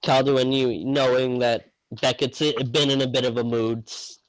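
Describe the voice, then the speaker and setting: A man running a tabletop game as game master, narrating in an improvised, relaxed way with many fillers and restarts. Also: medium pitch, moderate pace, no room sound, rough recording.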